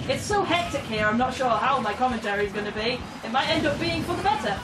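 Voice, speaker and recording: Rich: a high-voiced woman giving let's-play commentary, laughing often and yelling at the screen as she plays. She sits away from the mic in an echoey room, and game music plays clearly behind her. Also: normal speed, distant mic, a crowd in the background. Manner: excitable, giggly, shouts at the game. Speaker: gamer.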